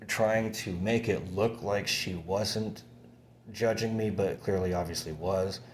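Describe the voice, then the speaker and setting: Rambling, cursing young man, very deep voice. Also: a little mellow, a little hiss or hum. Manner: rambling, profane, many fillers and restarts. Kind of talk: casual monologue recounting events.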